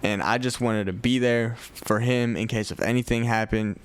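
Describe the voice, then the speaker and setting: A young man from Chicago with a Chicago accent, telling a profane, animated story on a podcast. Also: mid-range voice, moderate pace, few pauses, a little hiss or hum. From north side of Chicago. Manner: profane, animated retelling with quoted voices. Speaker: podcast host. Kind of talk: casual storytelling.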